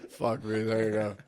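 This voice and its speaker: This is a young man with a fairly low voice on a casual podcast. He tells loose, rambling stories packed with filler words and swearing. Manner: rambling storytelling, heavy swearing, lots of "like". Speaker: podcast guest, jiu-jitsu athlete.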